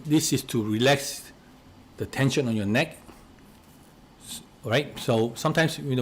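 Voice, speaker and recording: Hesitant man guiding relaxation exercises. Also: mid-range voice. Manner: hesitant, repeats and restarts words; coughs and clears throat now and then. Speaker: relaxation instructor.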